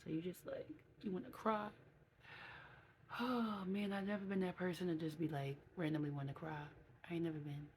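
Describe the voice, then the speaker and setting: Low-voiced chatty woman vlogging. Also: fairly even intonation, fast, a little mellow, a little hiss or hum. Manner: chatty, candid, acts out voices of others. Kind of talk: casual vlog talk.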